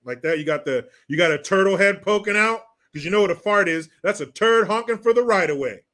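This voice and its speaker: A man rants on a livestream in blunt, profane, mocking talk, stopping now and then to read out viewer comments. His voice sits a little high and sounds bright and forceful. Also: expressive, brisk. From California. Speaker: livestream host reading chat. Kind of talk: casual political rant.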